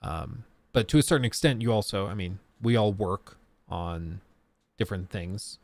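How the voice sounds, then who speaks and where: A man's voice: fairly low pitch, moderate pace, no echo. Streamer host, man in his thirties, casual rambling chat, faint Colorado accent, dry close mic. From US South. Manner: rambling, self-interrupting, reads chat aloud.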